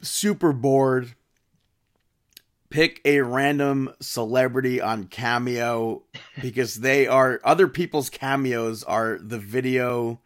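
A man co-hosting a podcast in a relaxed, chatty way, often laughing. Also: mid-range voice, slow pace. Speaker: podcast co-host. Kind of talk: casual chat.

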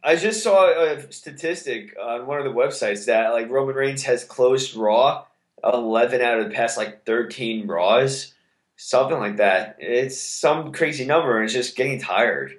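A man's voice: medium pitch, unhurried. A man co-hosting a podcast, giving his opinions on wrestling in casual, hesitant chat. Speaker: podcast co-host. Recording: roomy echo.

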